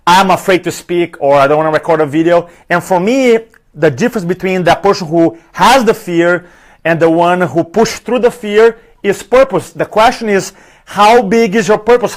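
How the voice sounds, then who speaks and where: Male speaking trainer with a high voice, emphatic and energetic, drills key lines for note-taking. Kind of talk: motivational teaching on a live stream.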